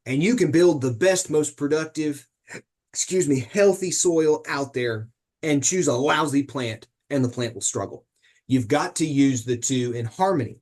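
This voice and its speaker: Guy teaching a gardening webinar, kinda high voice, jokey and chatty, keeps asking the audience stuff. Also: lively intonation, normal speed, a little mellow. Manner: conversational, teasing, asks the audience questions. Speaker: horticulture educator. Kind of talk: online webinar lecture.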